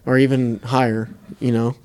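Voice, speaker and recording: A young podcast co-host tells a hunting story in a relaxed, loose style, swearing often. His voice is smooth and clear at a middle pitch, and he speaks at normal speed.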